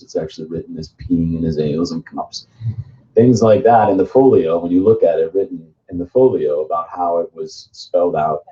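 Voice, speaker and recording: A man's voice: low voice, steady tone, moderate pace, mellow. A man speaking as a theatre director at a seminar, explaining thoughtfully with frequent fillers. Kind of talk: seminar discussion. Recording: muffled live recording.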